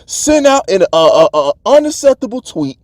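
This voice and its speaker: A man's voice: high voice, very animated, moderate pace, a little mellow, no echo, studio quality. A man hosting his own sports channel, delivering a heated, fired-up commentary rant in streetwise slang.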